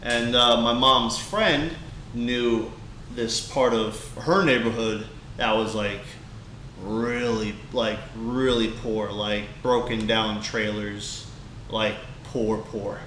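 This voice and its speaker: A man's voice: lowish voice, fairly even intonation, slow pace, a bit bright. A young man co-hosting a podcast, telling a heartfelt story in a rambling way, full of restarts. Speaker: podcast co-host. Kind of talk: casual podcast chat. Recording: echoey room, faint background hiss.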